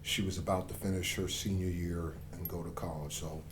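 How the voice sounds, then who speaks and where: Over a noisy background, a middle-aged American author gives an animated, passionate account of his story as an interview guest, voicing the quoted lines himself. His voice sits low and he talks fairly quickly.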